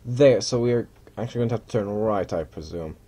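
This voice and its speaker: A man's voice: fairly low pitch, brisk, mellow, husky. A man giving casual, rambling commentary while playing a flight simulator. He mutters and mocks himself, and now and then slips into mock pilot announcements.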